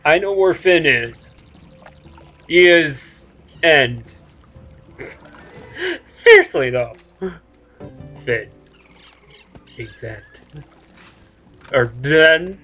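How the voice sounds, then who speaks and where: Let's play host, man, slow joking asides, lo-fi mic with faint music. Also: a little high, animated. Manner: joking, crude, laid-back asides. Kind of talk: gameplay commentary. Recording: dull lo-fi mic with game music.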